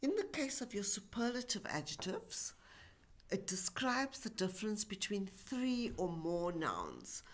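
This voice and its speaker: A woman's voice: medium pitch, sing-song, measured pace. A woman teaching English grammar in a recorded lesson, speaking carefully and stretching out example words. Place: university e-learning course.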